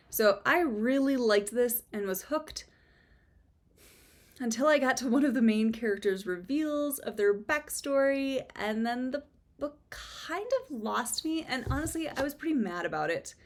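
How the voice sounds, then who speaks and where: A woman's voice: on the high side, lively intonation, a little slow. A young woman giving a casual, chatty book review, with sarcastic asides and frequent fillers.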